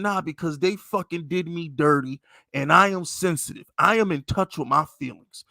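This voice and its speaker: Man with a New York accent, high-pitched voice, heated profane podcast rant, dry close sound. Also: normal speed, vocal fry, bright, forceful tone, no echo. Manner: heated, profane, emphatic venting. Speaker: podcast host. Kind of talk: casual sports podcast rant.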